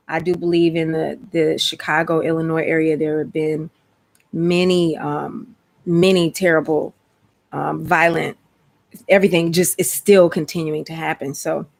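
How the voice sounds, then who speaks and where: Chatty woman host with a low voice. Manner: rambling, chatty, talks straight to viewers. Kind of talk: casual livestream chat.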